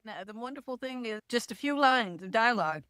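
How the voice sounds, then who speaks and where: A woman's voice: a little high, lively intonation, brisk, fairly bright tone, no room sound. A woman hosting an author interview, enthusiastic and gushing. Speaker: interview host. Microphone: video call.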